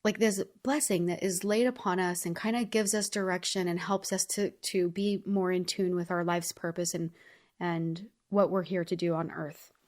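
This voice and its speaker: A woman's voice: lowish voice, steady tone, normal speed, darkish tone. Earnest woman sharing a heartfelt story. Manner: earnest and heartfelt, chatty with frequent "like" fillers. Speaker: podcast host. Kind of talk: personal reflective monologue.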